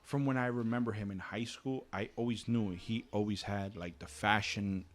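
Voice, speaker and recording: A man hosting a casual podcast, chatty and excitable, often cutting in with questions. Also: fairly low pitch, moderate pace. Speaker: podcast host.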